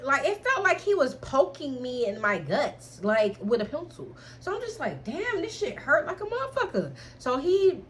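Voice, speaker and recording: A woman's voice: medium pitch, slight background noise. Frank young woman telling a storytime. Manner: frank, slangy, animated, keeps addressing listeners as y'all. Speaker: storytime vlogger. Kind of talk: candid storytime.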